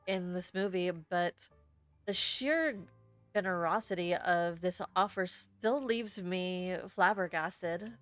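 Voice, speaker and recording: A woman's voice: lowish voice, clear, resonant tone, dry recording. A young woman streamer reading a story game aloud with chatty, self-deprecating asides.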